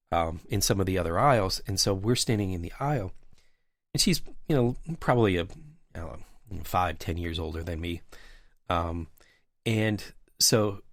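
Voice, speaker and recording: A podcast host with a very low voice rambles through a casual anecdote packed with "you know" and "um," like relaxed chatter between colleagues. He's on a remote call mic, and the sound is dry with no room echo.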